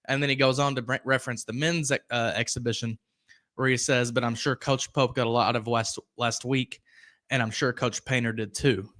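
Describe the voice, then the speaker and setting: A man's voice: medium pitch, fairly even intonation, moderate pace, a bit bright. A young man hosting a sports podcast, chatting casually, rambling off on tangents and reading viewer comments aloud. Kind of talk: casual live-stream commentary.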